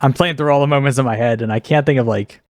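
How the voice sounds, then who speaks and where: A man's voice: mid-range voice, fast, darkish tone, no echo, studio quality. A man co-hosting a podcast, telling stories in casual chat and laughing often. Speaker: podcast co-host.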